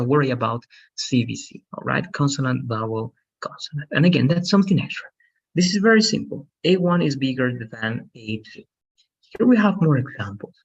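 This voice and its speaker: A man teaching an English lesson, encouraging and patient, slowing down to model how words are stressed. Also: medium pitch, vocal fry, breathy edge. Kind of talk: online language lesson. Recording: dull lo-fi sound.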